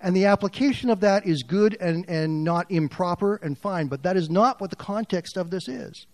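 A man preaching a sermon as pastor, swinging from loud, raised passages to quiet, near-whispered lines. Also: sits high, moderate pace, no room sound.

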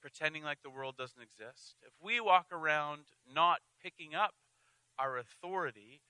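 A man as pastor preaches an earnest, conversational sermon, often restarting and adding asides. His voice is high, very bright and smooth. It is recorded close with no room echo. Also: moderate pace.

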